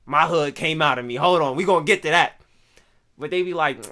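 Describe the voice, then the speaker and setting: A man's voice: fairly high pitch, a little fast, pushed and bright. A young man from Pittsburgh with a local accent, casually explaining things to his stream viewers in loose street slang and often checking in with "right?".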